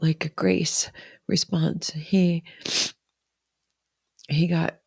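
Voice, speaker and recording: A woman's voice: deep voice, gravelly, a little mellow, husky, dry recording, studio quality. A woman talking casually and emotionally on a live stream from home, swearing freely and speaking openly.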